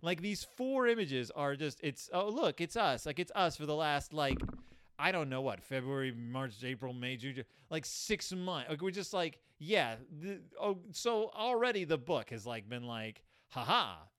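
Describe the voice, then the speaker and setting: A man's voice: on the high side, moderate pace, clear, resonant tone, dry recording. A young man giving sarcastic, comedic commentary on a children's book, jumping into voices. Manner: sarcastic, animated, puts on voices. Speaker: host reviewing a children's book.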